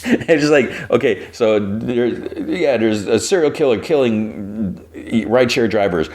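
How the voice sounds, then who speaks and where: A man's voice: mid-range voice, expressive, unhurried, hardly any pauses, a little mellow. A man hosting a podcast, casually recapping an episode in a rambling way with asides. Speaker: podcast host.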